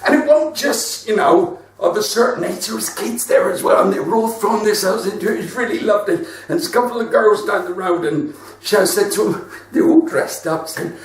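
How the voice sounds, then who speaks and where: A man's voice: sits high, lively intonation, a little fast. An older comedian with a West Country accent, telling stories in a live stand-up show from his front room and laughing at his own jokes. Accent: West Country English. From West Country of England. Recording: roomy, distant home recording.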